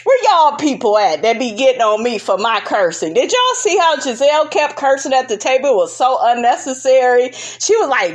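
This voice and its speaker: A woman recapping a reality show in casual, sassy commentary, full of "honey" and big swoops of pitch for emphasis. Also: normal speed, few pauses. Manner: sassy and animated, constantly saying "honey".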